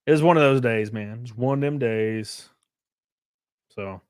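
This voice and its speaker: A man's voice: medium pitch, a little slow, a little mellow, clear, resonant tone, no echo, studio quality. A young man chatting casually on a live stream, thanking viewers for donations in a loose, rambling way. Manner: loose, chatty, mumbles and hums while reading.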